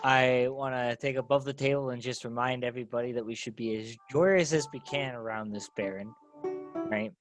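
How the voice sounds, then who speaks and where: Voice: mid-range voice, fairly even intonation, normal speed, soft background music. A player speaking in character, gushing and eager to please. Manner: gushing, overly enthusiastic in character. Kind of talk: tabletop role-play.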